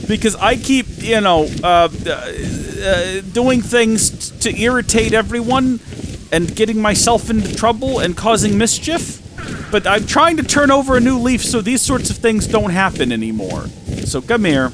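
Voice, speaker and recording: A man hosting a gaming channel, talking excitedly to himself and the game as he plays. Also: high-pitched, moderate pace, noisy background. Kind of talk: let's-play commentary.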